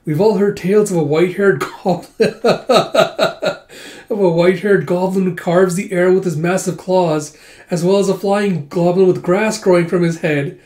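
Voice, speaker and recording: A man's voice: high voice, fairly even intonation, measured pace, a little mellow, pitched above the performer's own voice. A man voicing an earnest grown male retainer from a comic, reading his lines in a slightly raised voice in an echoey room.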